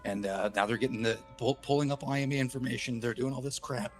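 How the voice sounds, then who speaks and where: A man's voice: mid-range voice, fast talker, soft background music. A man in casual stream chat, telling a story in a wry, incredulous way.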